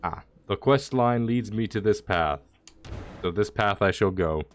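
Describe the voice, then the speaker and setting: A man's voice: on the low side, measured pace, slight background noise. Rambling, jokey male game streamer. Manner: rambling, jokey, mock-dramatic. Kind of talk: casual gameplay commentary.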